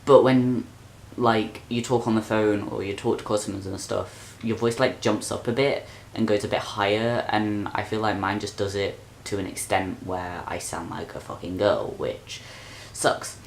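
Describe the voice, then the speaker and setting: A man's voice: lowish voice, flat delivery, moderate pace, gravelly, slight background noise. A young man, talking straight to camera in an exasperated, sweary rant for his vlog. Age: young adult. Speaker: vlogger.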